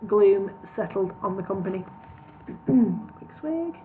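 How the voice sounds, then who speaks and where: A woman's voice: mid-range voice, expressive, takes it slowly. A woman reading a storybook aloud on a live stream, often correcting herself and apologizing. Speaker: reader. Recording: tinny lo-fi livestream audio, faint noise.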